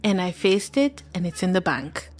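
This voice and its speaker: A woman from Kenya, a podcast guest, telling stories in a casual chat, animated and laughing often as she acts out the dialogue. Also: on the low side, moderate pace.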